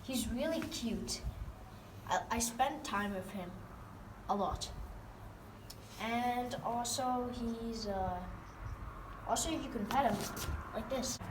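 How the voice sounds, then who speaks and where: A woman with a fairly high voice speaks slowly, with long pauses, as she films her cat at home near a backyard. The pet vlogger dotes and rambles, full of fillers and restarts. The sound is roomy and noisy, with a distant mic.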